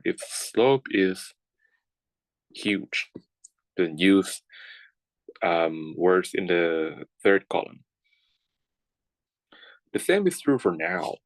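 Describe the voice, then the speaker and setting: A man with a low voice teaches a class at a slow, steady pace. He checks in with short "okay"s and often restarts his words. His voice sounds close and dry. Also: no room sound, rough recording. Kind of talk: classroom lecture.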